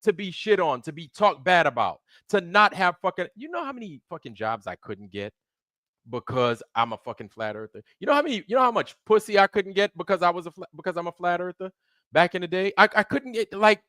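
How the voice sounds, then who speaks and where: A man rants into a close mic on his own livestream, hammering the same points over and over with a stream of profanity. His voice sits a little high and swings widely in pitch as he gets heated. The sound is dry, with no room around it. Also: sing-song, a little fast, pushed and bright, no echo. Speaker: livestream host. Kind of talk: angry livestream rant.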